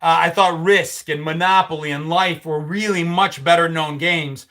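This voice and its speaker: Middle-aged guy hosting a live chat, high bright voice, sarcastic and rambling. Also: steady tone, moderate pace. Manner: chatty, sarcastic asides, frequent restarts. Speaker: livestream host. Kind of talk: casual chat reading live comments.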